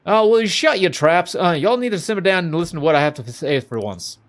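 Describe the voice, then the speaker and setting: A man's voice: high-pitched, animated, fairly quick. A man reading the lines of an earnest young woman fortune teller from a video game, at times in a put-on Southern drawl. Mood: scolding drawl. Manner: earnest, pleading, slips briefly into a folksy drawl.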